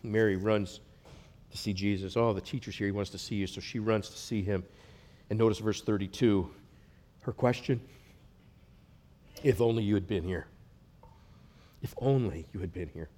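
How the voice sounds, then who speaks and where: A man preaching a sermon, earnest, rising to loud emphatic passages and dropping to a near hush. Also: fairly low pitch, normal speed, pauses often. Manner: earnest, swells loud then drops to a hush. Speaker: pastor.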